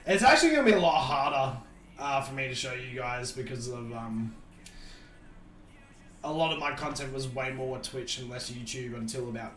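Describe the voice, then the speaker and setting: A man's voice: mid-range voice, moderate pace, a bit bright, recorded from a distance, faint music behind. A man hosting a casual livestream podcast, thinking aloud and rambling with many restarts. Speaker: streamer and podcast host. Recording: echoey room, off-mic, faint background noise.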